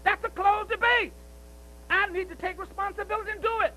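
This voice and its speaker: High, bright-voiced man preaching emphatically. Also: fairly even intonation, brisk, poor audio. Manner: emphatic, repetitive, with rhetorical questions like "see?". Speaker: speaker at a commemorative celebration. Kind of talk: preaching-style speech.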